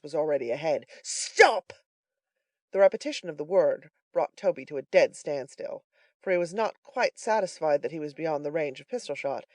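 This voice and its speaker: A man narrating a classic novel audiobook in a steady, dramatic reading voice. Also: fairly high pitch, no room sound. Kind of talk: scripted narration.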